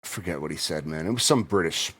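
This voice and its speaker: A man's voice: low voice, animated, quick pace, fairly bright tone, slightly rough. A man co-hosting a podcast in laid-back casual chat, laughing often. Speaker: podcast co-host.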